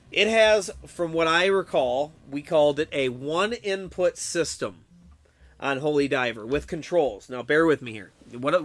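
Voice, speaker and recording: A young man streaming, chatting casually with his viewers, excitable, swearing a lot and laughing often. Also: fairly high pitch. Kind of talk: casual live-stream chat about a game.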